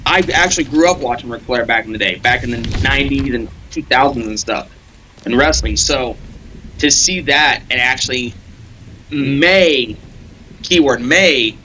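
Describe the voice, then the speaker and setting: A man chatting casually as a guest on a gaming stream, telling animated stories with laughter and the odd swear. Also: mid-range voice, normal speed, a little hiss or hum, poor audio. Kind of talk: casual storytelling chat.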